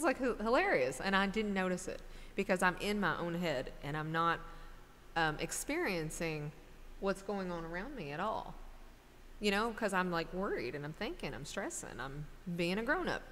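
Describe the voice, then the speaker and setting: A woman's voice: on the low side, sharp tone, long reverb tail, slight background noise. A middle-aged woman chatting casually with her livestream viewers, rambling from one thought to the next. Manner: rambling, chatty, talks to chat directly. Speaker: livestreamer and singer. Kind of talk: casual stream chat.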